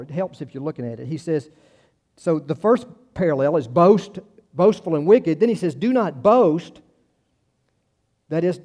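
A man's voice: high voice, dark tone. A man preaching a sermon in a conversational way, often trailing off and restarting, then rising for emphasis. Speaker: pastor.

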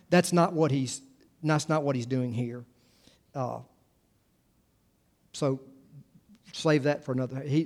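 Delivering a sermon in a casual, conversational style, this male pastor keeps backtracking, restarting sentences, and adding asides. His voice is a little on the high side, with a darkish tone.

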